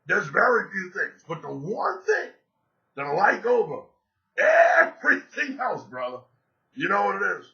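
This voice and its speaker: A man's voice: sits high, wildly swooping pitch, unhurried, bright, forceful tone. A man giving sports betting picks in a boastful, profane, swaggering monologue. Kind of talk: brash betting-pick monologue. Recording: dull lo-fi recording.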